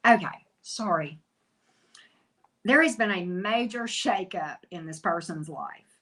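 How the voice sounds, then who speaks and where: Lowish, slightly bright, and expressive, her voice moves slowly with long pauses, and the audio quality is poor. She's a tarot reader hosting a casual livestream, chatting, teasing, and greeting viewers by name over the cards.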